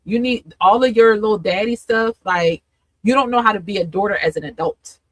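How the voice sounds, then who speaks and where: A woman's voice: medium pitch, a little fast, no room sound, poor audio. A woman hosting a live talk, telling her story with feeling, laughing often and acting out her past self. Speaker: host and coach. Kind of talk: candid testimony in a live conversation.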